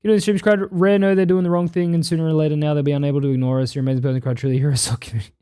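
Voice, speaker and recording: Blunt Australian man streaming, dark mellow voice. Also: a little high, steady tone, very fast, smooth. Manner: blunt, swears freely, reads chat aloud and answers it. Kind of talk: casual chat reading live chat.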